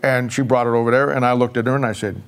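An older man, a pastor, preaching a sermon in a folksy storytelling way and going soft and quiet when he quotes himself. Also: medium pitch, steady tone, racing.

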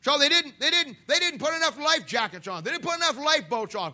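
A preacher man delivering a fiery sermon, swinging between loud shouts and hushed asides. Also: very high voice, sing-song, brisk, hardly any pauses.

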